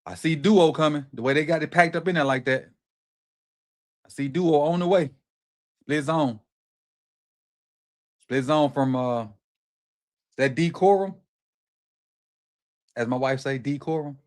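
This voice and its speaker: A middle-aged man hosting a watch party, calling plays live with excited, slangy reactions. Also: on the high side, a little slow, long pauses. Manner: excited, animated play-by-play reactions with Southern slang. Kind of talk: live football watch-along commentary.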